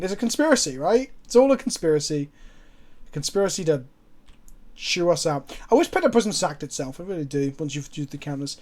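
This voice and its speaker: A man from England giving casual, profane, excitable commentary while streaming a card game. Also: high voice. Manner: swears a lot, excitable, sarcastic.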